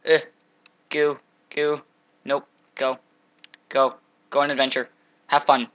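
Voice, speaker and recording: A young man giving casual, jokey commentary while playing a game, trash-talking monsters with sudden loud outbursts. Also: mid-range voice, level tone, moderate pace, long pauses, lo-fi sound. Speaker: gameplay commentator.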